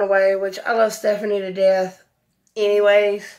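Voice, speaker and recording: A woman's voice: medium pitch, level tone, moderate pace, a little mellow. A woman, chatting effusively through a makeup tutorial, recorded at home on a camera mic. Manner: chatty, effusive, says y'all a lot. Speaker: beauty vlogger. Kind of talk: casual makeup tutorial chat.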